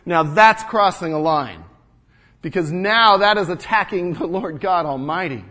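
A man's voice: high-pitched, lively intonation, measured pace, pushed and bright, full character voice. A man playing an earnest ancient wall-builder. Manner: earnest and indignant, stumbles over repeated words. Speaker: first-person biblical character monologue. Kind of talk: dramatic first-person storytelling.

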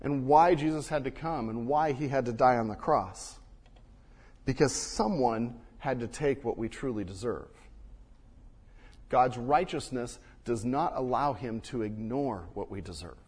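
A man preaching a sermon and reading scripture, swinging between loud emphasis and hushed quiet, recorded in a church sanctuary. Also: mid-range voice, measured pace, slightly rough. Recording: long reverb of a large hall.

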